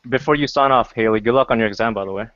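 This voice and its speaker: An excitable man chatting on a livestream call, talking very fast at a middle pitch. The sound is slightly dull and muffled. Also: no echo. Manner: excitable and quick. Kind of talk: casual livestream chat.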